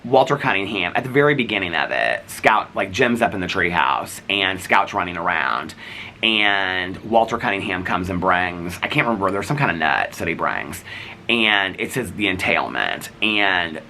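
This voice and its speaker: Deep-voiced man rambling to camera. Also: lively intonation, moderate pace, gravelly, pushed and bright, slight background noise, rough recording. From United States. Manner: rambling, retells scenes acting out each line. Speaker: vlogger. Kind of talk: casual chat to camera.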